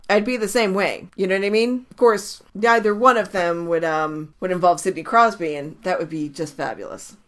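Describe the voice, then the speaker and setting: A woman co-hosting a casual sports podcast, talking in an animated, gushing way with some swearing. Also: mid-range voice. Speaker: podcast co-host.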